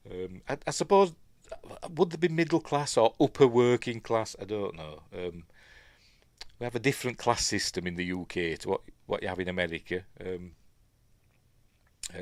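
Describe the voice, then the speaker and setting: A man's voice: lowish voice, no echo, studio quality. A middle-aged man with a Yorkshire accent, chatting casually and rambling through a film commentary at home, often correcting himself. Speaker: film reviewer.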